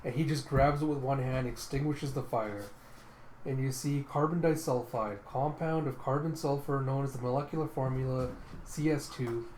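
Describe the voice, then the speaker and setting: A man's voice: mid-range voice, steady tone, normal speed, a little mellow. A man casually retelling a comic book, with many fillers. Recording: roomy room with faint noise.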